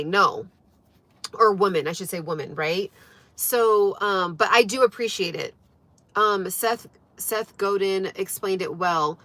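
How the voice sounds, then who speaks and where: Speaking a little slowly in a mid-range, somewhat bright voice with no echo, this woman runs a casual wellness-channel livestream. Her earnest, emphatic talk to viewers is full of fillers, with frequent "right?" checks.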